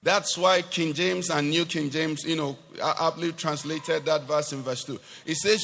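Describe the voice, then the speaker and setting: A man's voice: on the high side, unhurried, creaky, hardly any pauses, bright, forceful tone, big-room sound. A man preaching a sermon to a congregation, asking questions and rising into emphatic declarations.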